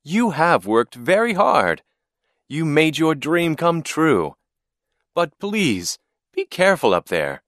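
A man doing a caring mother, pushed up high in pitch and lively. Gentle and warm-spirited, recorded dry and close. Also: takes it slowly, dry recording, full character voice. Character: friendly woman, the boy's caring mother.

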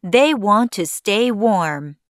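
A woman's voice: mid-range voice, animated, slow pace, no echo, studio quality. A woman voicing a protective father who is a hair, giving firm warnings and patient explanations. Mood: explaining.

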